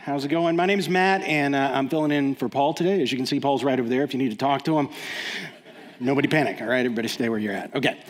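A man's voice: mid-range voice, quick pace. A man filling in as guest speaker, giving a casual, joking sermon to a live audience, full of fillers and restarts.

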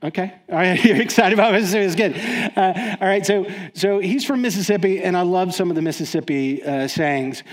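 A man's voice: sits high, a little fast. A man filling in as guest speaker, giving a casual, joking sermon to a live audience, full of fillers and restarts.

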